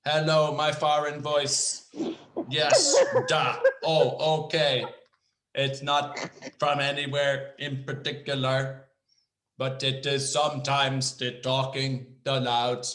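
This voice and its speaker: A man putting on a silly mock-foreign voice, pretending to be a famous actor, loud and sing-song. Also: mid-range voice, little pitch movement, takes it slowly. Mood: goofy. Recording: roomy echo.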